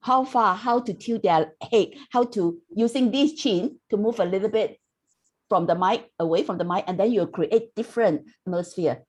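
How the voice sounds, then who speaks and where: An older woman with a Singaporean English accent explains how dubbing works. She speaks haltingly, pausing on fillers. Her voice has a mellow, soft tone. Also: mid-range voice, husky. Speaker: panelist, dubbing artist. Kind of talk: casual panel talk.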